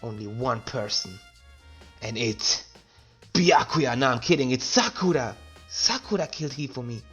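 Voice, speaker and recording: A man's voice: medium pitch, animated, moderate pace, fairly bright tone, lo-fi sound, soft background music. A man casually commenting while he plays a video game, joking and reading the game text aloud. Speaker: let's play gamer.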